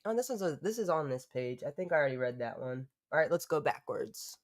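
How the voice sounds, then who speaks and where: A woman's voice: low voice, expressive, fairly quick, no echo, studio quality. A woman hosting a live stream in loose, rambling chat, swearing freely and laughing often.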